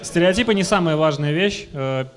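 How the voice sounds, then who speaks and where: A man's voice: on the high side, animated, brisk, some chatter behind. A man interpreting and summarizing a speaker's points at a conference. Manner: summarizes the speaker's points and adds his own remarks. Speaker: interpreter and co-presenter.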